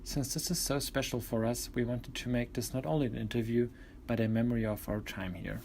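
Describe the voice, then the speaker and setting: A young man narrating as a museum intern, calm and sincere. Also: medium pitch, brisk, creaky, slight background noise. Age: young adult. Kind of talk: scripted narration.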